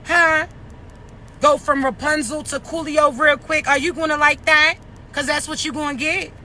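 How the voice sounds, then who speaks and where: A woman in her thirties, slightly breathless, rants bluntly to her vlog followers from outdoors beside traffic, swearing and peppering them with rhetorical questions. Her high voice has a sharp tone, fairly even intonation and a moderate pace.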